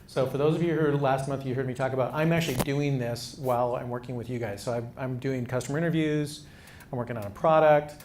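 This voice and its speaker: A man's voice: mid-range voice, steady tone, fast talker, a little mellow, slight background noise. A man mentoring startup founders in a casual, conversational talk to a live audience, with frequent restarts.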